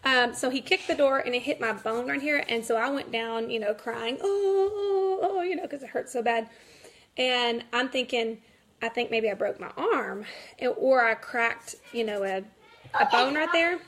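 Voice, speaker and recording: A woman in her thirties talks casually to camera at home, laughing through a story with lots of fillers. Her voice is high and bright. There is faint noise in the background of the home recording. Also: normal speed. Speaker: mother vlogging. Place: home, kids nearby.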